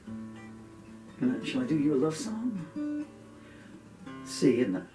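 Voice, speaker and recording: A man's voice: a little high, huge pitch swings, slow pace, music in the background. A man, a singer-songwriter chatting casually between songs in a rambling, earnest way that trails off. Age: 60s. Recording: echoey room, distant dull lo-fi mic.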